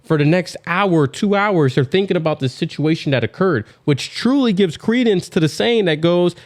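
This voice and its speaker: A man's voice: sits high, expressive, moderate pace. A man hosting a casual podcast, talking bluntly and lecturing with heavy swearing. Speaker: podcast host.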